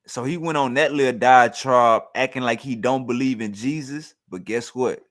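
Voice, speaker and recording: A man's voice: medium pitch, moderate pace, hardly any pauses, fairly bright tone. A man hosting a show, reacting to a clip in casual, blunt, mocking commentary with plenty of profanity.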